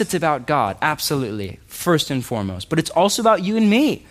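A man preaching a sermon in a conversational way, reading scripture aloud and asking the congregation rhetorical questions. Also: a little high. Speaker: pastor.

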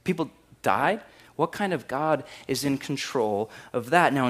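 Wry, animated pastor. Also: male voice, medium pitch. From California. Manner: animated, wry, acts out quotes in a raised voice. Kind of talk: conversational sermon.

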